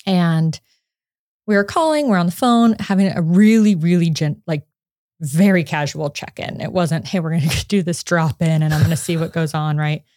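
A woman in her thirties, a psychotherapist guest on a podcast, telling a personal story in a lively way, laughing often and acting out what people said. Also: lowish voice, normal speed, dry recording, studio quality. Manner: animated storytelling, acts out quotes, laughs often. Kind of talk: casual podcast conversation.

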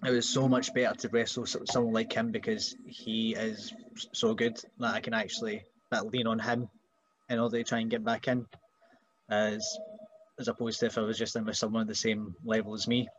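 A man's voice: on the low side, brisk, slight background noise. A man with a Scottish accent, a wrestler guest in a casual chat, telling stories and putting on voices. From Scotland. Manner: animated storyteller, puts on voices.

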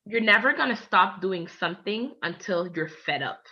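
Bright-voiced young woman telling stories. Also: mid-range voice, normal speed, dull audio. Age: 20s. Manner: lively, acts out both sides of conversations, laughs mid-story. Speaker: podcast guest. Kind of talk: casual storytelling.

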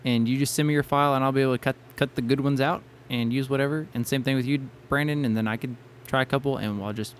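A man's voice: mid-range voice, fairly even intonation, fast, hardly any pauses, a little hiss or hum. Laughing, rambling young male podcast host. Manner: laughing often, rambling and self-correcting. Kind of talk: casual banter while planning intros.

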